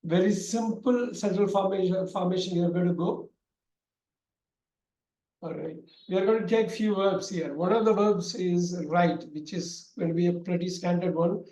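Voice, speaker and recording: A man teaches a grammar lesson online, loud and repetitive, with lots of fillers. His voice sits high for a man. The sound carries a noticeable room echo. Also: fairly even intonation, moderate pace. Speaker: English teacher. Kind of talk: online class lecture. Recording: echoey room.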